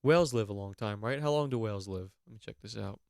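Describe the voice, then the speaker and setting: A man hosting a podcast, going on an animated, mock-outraged comedic rant with plenty of swearing. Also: on the low side, fast, vocal fry, smooth, no echo, clean studio sound. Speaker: podcast host.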